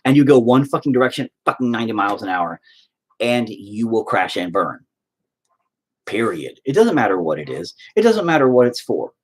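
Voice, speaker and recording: A man's voice: mid-range voice, very animated, normal speed, slightly rough. A man ranting in casual podcast talk, profane and rambling.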